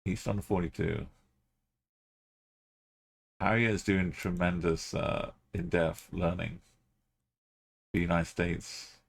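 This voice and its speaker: Guy on a live game stream, deep creaky voice, mutters his thinking out loud and greets chat. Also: fairly even intonation, slow pace, pauses often. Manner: thinking aloud, musing, chatting to viewers.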